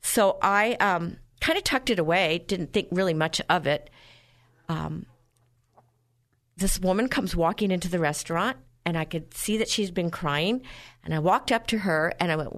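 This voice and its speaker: A woman guest on a radio show, telling her personal testimony with lively storytelling and frequent laughter. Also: lowish voice, moderate pace.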